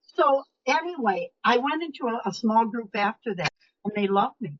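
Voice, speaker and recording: An older woman coach giving a live webinar talk, animated and emphatic, often dropping her voice low or to a whisper for effect. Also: normal speed, husky. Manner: animated, emphatic, varies loudness, drops to whispers. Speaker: speaker and leadership coach. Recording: dull lo-fi webinar audio.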